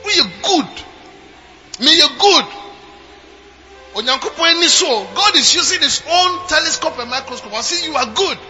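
A man with a Ghanaian accent preaching a sermon, moving between quiet teaching and shouted declarations to his congregation. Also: very high-pitched, animated, unhurried, pauses often, lo-fi sound. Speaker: pastor. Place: church service. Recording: live church with music and congregation. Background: instrumental music and congregation.

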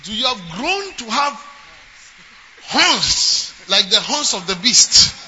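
A man preaches in a strikingly high voice, swinging from conversational storytelling into forceful, shouted emphasis. The sound is muffled and lo-fi, with a clear wash of noise behind him. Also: slow pace. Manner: emphatic preaching, rising to shouts and acting out quotes. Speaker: bishop and preacher. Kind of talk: sermon. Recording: lo-fi with steady background noise.

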